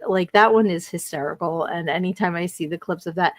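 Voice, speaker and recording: A woman in her forties hosting a live stream, chatting casually and reading out viewer comments in a talkative, animated way, with lots of "like" and frequent laughter. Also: lowish voice, a little fast, no echo. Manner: chatty and animated, heavy use of "like", laughs often. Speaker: streaming podcast host.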